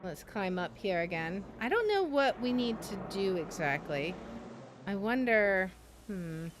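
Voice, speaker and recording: A woman's voice: medium pitch, sing-song, unhurried, noisy background. A woman streaming a video game, thinking aloud in a casual, tentative way as she plays.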